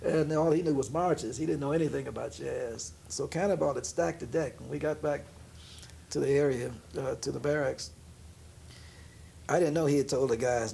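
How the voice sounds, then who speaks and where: Gravelly man telling a laughing story. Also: mid-range voice, normal speed, slight background noise. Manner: animated storyteller, laughs often, acts out quoted voices. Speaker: jazz pianist interviewee. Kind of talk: relaxed storytelling interview. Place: room in an apartment.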